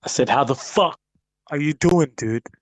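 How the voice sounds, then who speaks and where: A man's voice: on the high side, normal speed, no room sound. A man with a British accent hosting a call-in live stream, swearing and joking in rowdy banter. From England. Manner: profane, joking, mock-aggressive.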